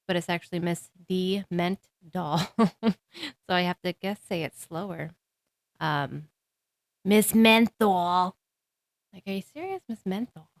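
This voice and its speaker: A woman's voice: mid-range voice, a bit bright, no echo. A woman in her thirties hosting a solo podcast, talking casually in a rambling way with frequent ums and small laughs. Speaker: podcast host.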